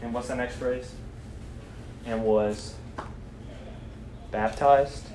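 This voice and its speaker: A young man leading a student Bible study talks extremely slowly in a medium-pitched, steady, slightly mellow voice. He preaches animatedly, reads scripture aloud and asks the group questions. The recording has an echoey room with faint background noise.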